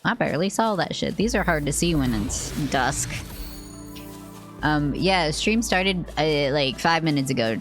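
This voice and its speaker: A young woman streams a game at her desk mic, her voice low for a woman. She rambles playfully, swears freely and jumps into high yelps when hit, with faint music playing behind her. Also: lively intonation, measured pace. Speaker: VTuber streamer. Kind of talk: casual gaming stream chat.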